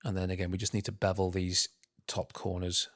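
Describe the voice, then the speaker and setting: A man talking himself through a software tutorial, muttering and humming filler sounds between steps and calling himself an idiot. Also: low voice, completely flat delivery, fairly quick, no room sound, clean studio sound. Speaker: tutorial host. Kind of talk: screen-recorded software tutorial.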